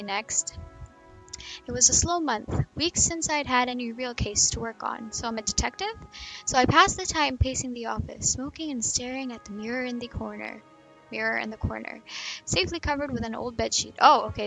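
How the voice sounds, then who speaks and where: Brief: woman, gravelly edge, mid-high voice, casual let's-play reading with asides. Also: sharp tone, rough recording. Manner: chatty, reacts between lines. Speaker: gamer reading a visual novel aloud. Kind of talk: casual let's-play commentary with narration read aloud.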